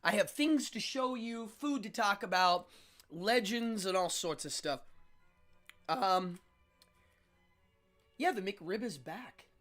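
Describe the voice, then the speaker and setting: A man's voice: high-pitched, expressive, takes it slowly, long pauses, a bit bright, faint music behind. A man in his forties hosting a casual livestream, chatting with viewers and eating between sentences. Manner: chatty, eats between lines. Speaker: livestream host.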